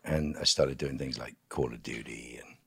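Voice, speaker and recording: A man's voice: very deep voice, steady tone, normal speed, creaky, fairly bright tone, husky, no room sound. A man being interviewed on a podcast in a studio, telling candid stories in a wry way. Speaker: guest actor. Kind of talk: casual interview chat.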